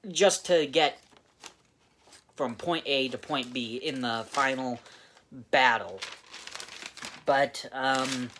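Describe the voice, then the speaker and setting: Guy reviewing a movie, slow and halting, keeps restarting sentences. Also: a little high, a bit bright, slight background noise. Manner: halting, restarts phrases often. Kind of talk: casual spoken film review.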